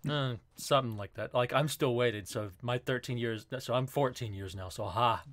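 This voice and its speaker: A man's voice: mid-range voice, normal speed, fairly bright tone, no room sound. A man co-hosting a casual podcast, speaking with a dry, sarcastic manner. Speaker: podcast co-host.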